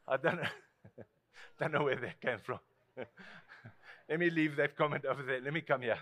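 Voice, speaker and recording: A male pastor with a South African accent preaching a sermon, lively and swinging between loud asides and hushed tones. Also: medium pitch, normal speed. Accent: South African English.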